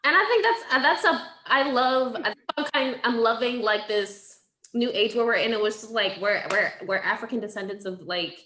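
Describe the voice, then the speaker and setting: Animated woman telling stories, roomy sound. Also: on the high side, moderate pace, a little hiss or hum. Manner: animated, laughs often, acts out quotes. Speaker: teacher. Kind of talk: casual conversation.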